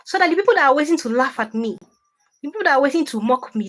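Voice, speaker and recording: A woman hosting a livestream, reading comments and answering with animated, indignant repetition. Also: sits high, very fast. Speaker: livestream host.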